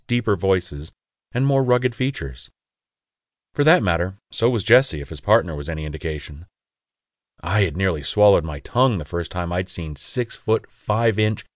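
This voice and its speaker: A man's voice: sits low, no echo. A man reading a first-person audiobook in an intimate, confessional way, on a close studio mic. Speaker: audiobook narrator.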